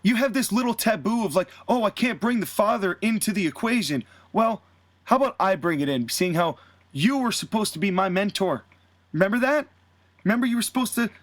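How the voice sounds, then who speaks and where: A sneering young wrestler, put on by a man mocks his rival with a higher, pushed-up voice and a dry close sound. He swears freely and stays cocky and contemptuous. The taunts come in short, biting jabs. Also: no echo.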